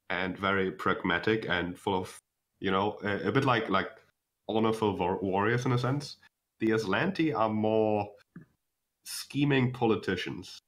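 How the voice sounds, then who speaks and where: A deep-voiced young man runs a tabletop game as its game master. He explains things in a measured way and often pauses on "uh" to restart a sentence. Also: fairly bright tone.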